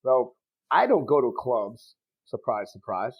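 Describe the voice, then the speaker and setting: A man's voice: medium pitch, unhurried, slightly rough, muffled recording. A man in his forties co-hosting a podcast, telling stories in a joking, profane way. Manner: profane, joking, animated storyteller. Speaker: podcast co-host. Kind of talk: casual podcast storytelling.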